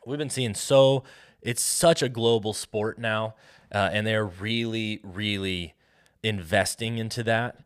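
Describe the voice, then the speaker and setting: An American man with a fairly low voice hosts a solo podcast. He talks in a loose, rambling way, full of restarts and asides, as if he's riffing off the top of his head. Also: a little slow, clear, resonant tone. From United States. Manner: rambling, self-interrupting, riffing. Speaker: podcast host.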